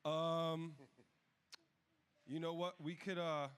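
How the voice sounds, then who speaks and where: A man speaking softly and playfully in a live event interview. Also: fairly high pitch, level tone, slow, smooth. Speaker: film actor at a premiere.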